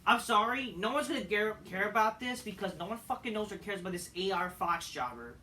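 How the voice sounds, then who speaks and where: A man ranting through a wrestling show review, swearing and venting his frustration. His voice sits high and sounds sharp and forceful. He is a little distant from the mic, with a faint hiss behind him. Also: expressive, brisk. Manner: profane, exasperated ranting.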